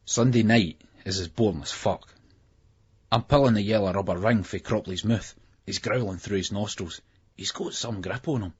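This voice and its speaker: A man reads a novel in the first person, gritty and raw. His voice is husky and low. The recording is muffled and lo-fi. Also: normal speed. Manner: gritty, raw delivery with heavy swearing. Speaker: audiobook narrator.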